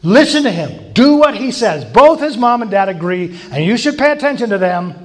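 A man's voice: high voice, very animated, normal speed. A man preaching an informal sermon, conversational, with chuckling asides and emphatic repetition.

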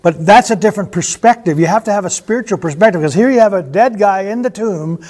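Animated man teaching the Bible. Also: high-pitched, quick pace. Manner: animated, chuckling storyteller.

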